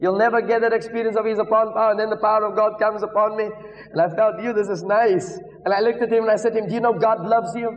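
A South African man preaching with fervour, his high voice dropping to a hush and then rising to a shout. He sounds far from the mic in a big, reverberant church hall. The sound is dull and muffled. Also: flat delivery, quick pace. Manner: fervent preaching, swinging from hushed to shouted. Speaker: preacher giving testimony. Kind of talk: sermon testimony.

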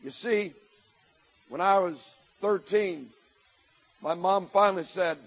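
A motivational speaker from Indiana addresses students at a school assembly, telling his story emphatically with repeated lists and acted-out quotes. His voice is high and husky, and he takes it slowly. The audio quality is poor.

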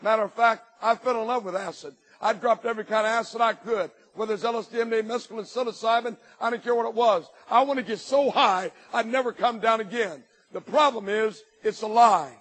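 Husky, high-voiced man preaching his testimony. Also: brisk. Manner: storytelling that builds to shouted warnings. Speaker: speaker giving his testimony. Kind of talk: testimony sermon to a church congregation. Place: church.

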